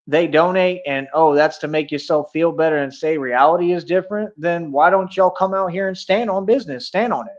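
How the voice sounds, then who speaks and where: A man's voice: a little high, a little fast, hardly any pauses, lo-fi sound. Boastful man ranting on a livestream. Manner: boastful, confrontational, talks to chat. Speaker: livestream host. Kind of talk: casual livestream rant.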